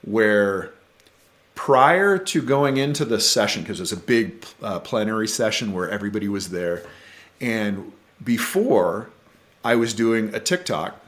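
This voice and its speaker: A middle-aged man telling personal stories as a podcast guest, earnest and halting, with frequent restarts. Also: fairly low pitch, lively intonation, fairly bright tone. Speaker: podcast guest, bereaved father. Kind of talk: conversational storytelling.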